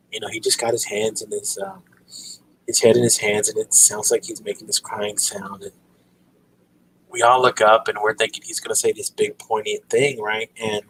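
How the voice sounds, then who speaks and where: Husky man telling stories on a livestream. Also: lowish voice, low-quality recording. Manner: relaxed storytelling, many ums and "right?". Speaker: livestream host. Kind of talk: casual livestream chat.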